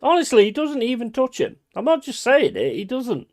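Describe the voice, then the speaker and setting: A man's voice: very high voice, sing-song, moderate pace. A man streaming a football watch-along, swearing and ranting at the players and the referee. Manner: shouting in bursts of outrage. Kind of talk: live match watch-along commentary.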